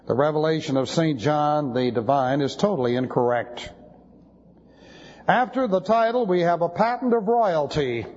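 A male Bible teacher in an emphatic lecture style, stopping to spell out Greek words letter by letter. His voice sits a little high. The recording is a dull lo-fi tape with long reverb from a church hall. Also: a little mellow. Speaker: pastor.

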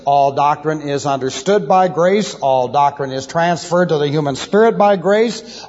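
A pastor's husky, fairly high voice carries through a big hall with a long echo. He teaches in a measured lecturing manner, spelling out Hebrew and Greek words letter by letter and tossing in dry asides. The old tape sounds dull and muffled. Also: a little mellow. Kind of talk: expository Bible teaching.

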